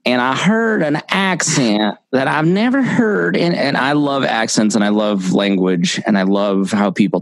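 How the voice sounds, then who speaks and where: Man, podcast host, casual chat, repeats words, restarts sentences, mid pitch, dry sound. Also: no room sound, rough recording. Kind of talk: casual conversation.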